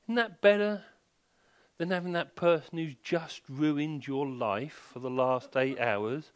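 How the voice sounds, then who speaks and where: A man's voice: on the high side, unhurried, clear, resonant tone. A man giving a sleep seminar in a furniture showroom, joking and firing rhetorical questions at the audience. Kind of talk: public lecture to a live audience.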